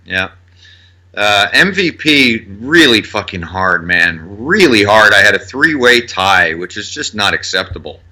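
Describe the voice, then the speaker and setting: A man's voice: fairly low pitch, very animated, measured pace, sharp tone. A man co-hosting a casual film podcast, talking loosely, swearing now and then and rattling off cast trivia. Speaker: podcast co-host.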